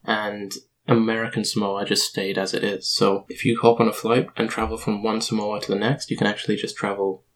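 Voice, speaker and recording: A man's voice: lowish voice, little pitch movement, brisk, hardly any pauses, rough recording. A man on a casual podcast, explaining facts at length in a lecture-like way. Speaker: podcast co-host. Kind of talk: casual chat.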